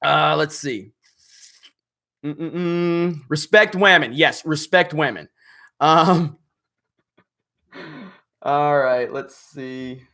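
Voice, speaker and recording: Hoarse male streamer, halting and rambling, higher-pitched voice. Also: pushed and bright. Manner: rambling, halting, full of fillers. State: hoarse, losing his voice. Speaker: livestream host. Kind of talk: casual livestream chat, reading viewer comments.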